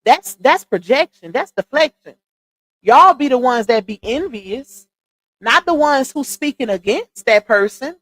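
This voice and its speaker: A young woman speaks in in a high voice, giving emphatic, opinionated commentary straight to her viewers. The sound is close and dry, with no room around it. She leans hard on her points as she speaks. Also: lively intonation, unhurried, no echo. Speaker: live stream host. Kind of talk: casual commentary livestream.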